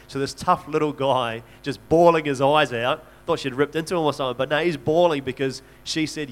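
A man's voice: on the high side, fairly quick, hardly any pauses. A man speaking as a missionary in a church talk, telling stories earnestly and conversationally, often restarting his sentences. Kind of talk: church talk, personal storytelling.

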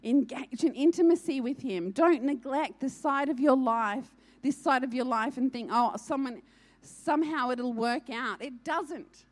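A woman's voice: high voice, measured pace. A woman preaching a sermon, urgent and earnest, repeating key lines for emphasis.

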